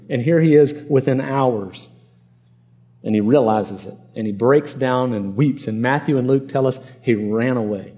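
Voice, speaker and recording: A man's voice: medium pitch, animated, moderate pace, warm tone. A male pastor from Arkansas preaching a conversational sermon and acting out the people in the passage.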